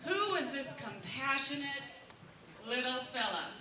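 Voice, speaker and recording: A woman's voice: sits high, a little slow, a crowd in the background. A woman telling a family anecdote at a party, playful, quizzing her listeners. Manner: lively, playful storyteller who quizzes the audience. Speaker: relative giving a party speech. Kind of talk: casual anecdote told to a crowd. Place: indoor family birthday party. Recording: echoey room, faint hiss.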